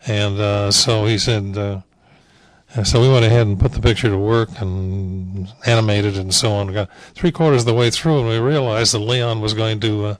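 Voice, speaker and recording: An older animation director, a veteran of the field, shares rambling, dryly funny memories peppered with fillers and restarts. His voice sits on the low side with fairly even intonation and a moderate pace, in a dry, low-quality recording.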